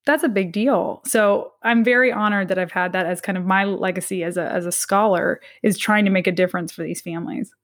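Woman, 30s, interview guest; earnest and halting, restarts often, mid-pitched voice. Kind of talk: personal story in an interview.

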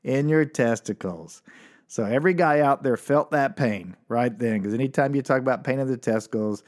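A man doing stand-up comedy, telling a personal story with animated, exaggerated delivery and sudden jumps up for punchlines. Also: mid-range voice.

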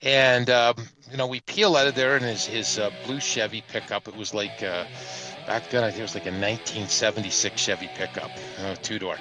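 A man, casually telling a long, animated anecdote on a podcast panel. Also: fairly low pitch, fairly quick, low-quality recording. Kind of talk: casual storytelling chat. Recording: music playing underneath.

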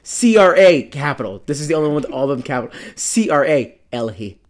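A man co-hosting a casual podcast chat, laid-back and quick to laugh, sometimes trailing into a mumble. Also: fairly high pitch, expressive. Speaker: podcast co-host.

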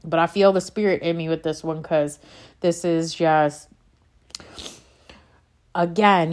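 Slow and low, with long pauses, fairly even intonation, and a darkish tone, this woman's voice carries a casual spiritual monologue. As a faith vlogger she speaks passionately, rambling and cutting in on herself when worked up.

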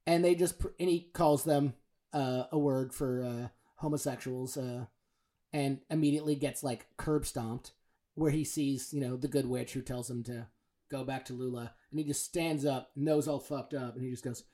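A podcast co-host retells movie scenes with animated delight. The pitch sits in the middle, and the talk is loose and casual. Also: normal speed. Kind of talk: casual chat.

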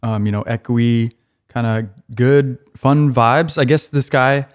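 A man's voice: medium pitch, a little slow. Rambling male music podcast host. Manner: rambling, many fillers and restarts. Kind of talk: casual music chat.

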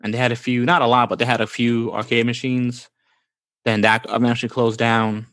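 A Bronx man in his forties tells childhood stories in a laid-back, slangy chat, saying "bro" a lot. His medium-pitched voice is level, a bit bright and a little fast, with no echo.

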